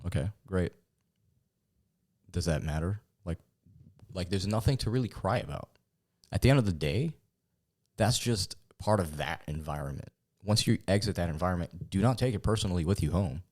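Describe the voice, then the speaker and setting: A man's voice: low voice, expressive, moderate pace, a little mellow. A man who hosts a podcast, chatting casually and telling laid-back stories, acting out the voices of people he quotes. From Palestinian. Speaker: podcast host. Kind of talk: casual chat.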